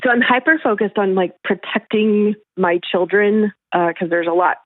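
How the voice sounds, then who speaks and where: A woman's voice: medium pitch, moderate pace, no echo. A woman calling in to an advice show, speaking hesitantly with many fillers. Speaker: caller. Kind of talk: call-in question. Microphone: telephone. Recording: tinny phone line.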